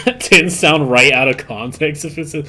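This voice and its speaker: A man's voice: fairly high pitch, normal speed, bright, forceful tone, faint music behind. A man streaming a video game, chatting casually and laughing often in a playful, teasing way. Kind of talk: casual chat while gaming.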